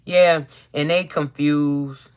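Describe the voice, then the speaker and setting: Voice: mid-range voice, steady tone, slow pace, clear, resonant tone. A tarot reader streaming live who talks bluntly and profanely, ending nearly every phrase with "okay?" and reading card meanings out as lists of keywords.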